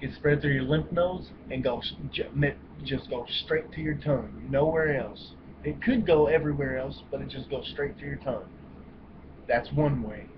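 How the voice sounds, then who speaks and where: This vlogger rants casually at a moderate pace in a mid-range voice, blunt and profane with emphatic outbursts. He rambles and keeps cutting himself off. The lo-fi home recording sounds dull, with a steady hiss.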